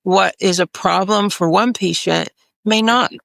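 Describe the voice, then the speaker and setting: Gravelly-voiced woman clinician. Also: mid-range voice, measured pace, fairly bright tone, no room sound, studio quality. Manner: emphatic, repeats phrases for stress. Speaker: clinician on a health panel. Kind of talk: panel discussion.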